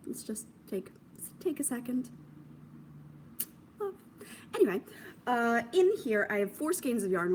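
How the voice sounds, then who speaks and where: A woman's voice: mid-range voice, slight background noise. Chatty woman podcaster, knitting show-and-tell. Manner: chatty, self-amused, trails into soft asides. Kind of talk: casual show-and-tell chat to camera.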